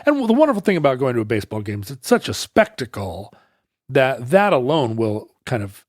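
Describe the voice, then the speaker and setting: Man, podcast co-host, rambling storyteller, lively pitch, dry close sound. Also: brisk, no room sound. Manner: rambling, animated storyteller with many restarts. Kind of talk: casual chat, storytelling.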